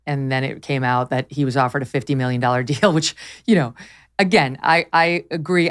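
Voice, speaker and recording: Woman podcast host, low-pitched, emphatic and animated, opinionated casual chat on a studio mic. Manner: emphatic, quick, animated with laughs.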